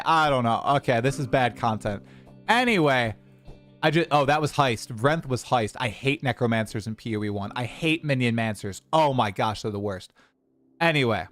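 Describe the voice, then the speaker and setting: A young man chatting casually on a livestream, rambling and animated as he talks to his chat. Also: mid-range voice. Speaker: streamer.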